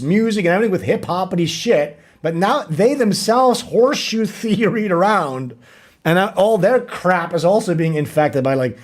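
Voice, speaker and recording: A young man hosting a casual livestream chat, ranting and mocking with a lot of profanity. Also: high-pitched. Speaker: livestream host.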